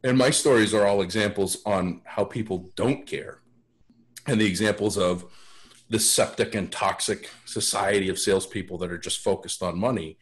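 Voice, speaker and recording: In a lowish voice at normal speed, a male sales author on a podcast shares casual stories. He speaks bluntly and frankly and keeps restarting his sentences.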